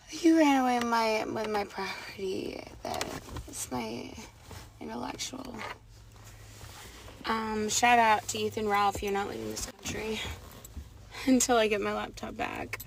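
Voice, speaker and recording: Woman streamer going off, cussing nonstop, kinda high voice with a gravelly fry. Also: a bit bright, a little hiss or hum. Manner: profane, confrontational, rambling. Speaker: livestreamer. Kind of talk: angry livestream rant.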